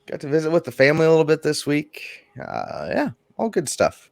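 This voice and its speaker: A man co-hosting a casual podcast, deadpan with a dry sense of humor. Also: on the high side, a little fast, vocal fry, dry recording. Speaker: podcast co-host. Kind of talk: casual chat.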